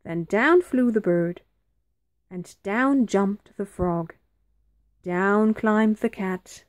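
A woman teacher reading a children's storybook aloud, slow and very expressive. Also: medium pitch, no room sound.

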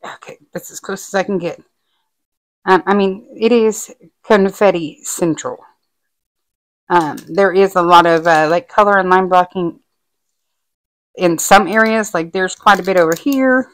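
A woman vlogging casually about her diamond painting progress, gushing and excited, with many ums and likes. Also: fairly low pitch, unhurried, pauses often, rough recording. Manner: gushing, excitable, lots of fillers. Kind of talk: casual show-and-tell vlog.

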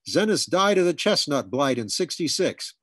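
A man voicing a stern, confused old grandfather with a deep, resonant, growling voice. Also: sing-song, normal speed, a bit bright, slightly rough, no echo, clean studio sound, heavily acted. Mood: scornful.

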